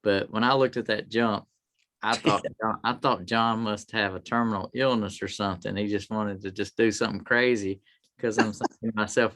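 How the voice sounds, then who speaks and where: A man's voice: fairly low pitch, steady tone, moderate pace, a bit bright. A man, a guest telling rambling stories in a casual interview, often acting out what others said. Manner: rambling anecdotes with quoted voices. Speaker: guest, tribute performer.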